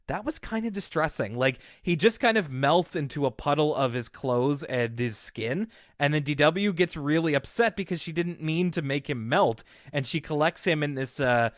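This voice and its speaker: A man's voice: on the high side, expressive, moderate pace, few pauses, dry recording, clean studio sound. A young man co-hosting a casual podcast, chattily recapping a cartoon episode and acting out the lines. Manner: chatty, laughs easily, acts out quotes. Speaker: podcast co-host.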